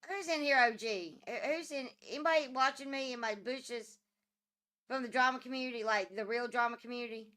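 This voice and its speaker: Bright-voiced teasing woman. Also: on the high side, a little fast. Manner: teasing, drawling, laughs often. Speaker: channel host. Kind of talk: casual livestream chat with viewers.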